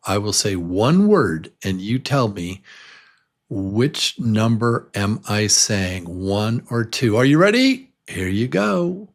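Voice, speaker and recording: Slow, lively male English teacher. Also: medium pitch, a faint crowd. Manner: slow, exaggerated vowel modeling with cheerful quiz cheers. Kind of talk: beginner pronunciation lesson.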